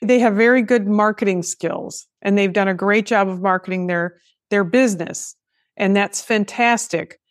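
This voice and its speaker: A woman's voice: mid-range voice, normal speed, no room sound, clean studio sound. A woman hosting a podcast, chatting casually with self-deprecating asides. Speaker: podcast host. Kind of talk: casual interview chat.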